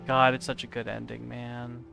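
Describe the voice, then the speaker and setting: A man's voice: mid-range voice, monotone, moderate pace, gravelly, bright, forceful tone, faint music behind. A man chatting casually while live-streaming a game, answering chat and laughing often.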